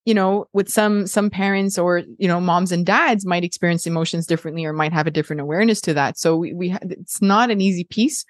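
A woman's voice: lowish voice, quick pace, hardly any pauses. A woman in her thirties hosting a casual parenting chat, thinking aloud with frequent restarts and laughs. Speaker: podcast host.

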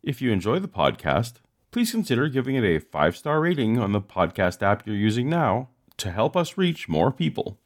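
A man's voice: mid-range voice, very animated, normal speed. A man hosting a podcast, giving dry, mocking commentary over video clips. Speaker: podcast host.

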